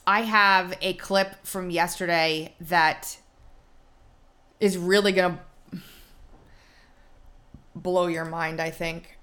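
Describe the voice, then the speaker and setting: A woman host with a somewhat low voice, talking casually and setting up clips. She's wry and chatty, often dropping into quieter asides. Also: steady tone, slow, long pauses. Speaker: show host. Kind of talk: casual commentary.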